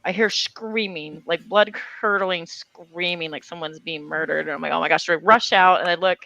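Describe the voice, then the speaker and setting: A young woman telling an animated story in casual chat, full of fillers and restarts. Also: fairly low pitch, normal speed, gravelly, dry recording.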